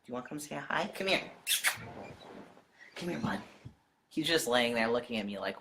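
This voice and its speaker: Bright-voiced man, casual stream chat. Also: mid-range voice, lively intonation, normal speed, long pauses, slight background noise. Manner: chatty, answering viewer comments directly. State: voice wearing out. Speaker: live stream host. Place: home.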